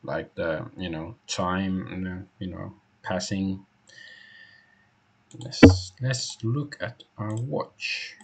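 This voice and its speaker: A man's voice: low-pitched, steady tone, extremely slow, vocal fry, a little hiss or hum. A man streaming an old adventure game, musing aloud in hesitant, rambling casual commentary.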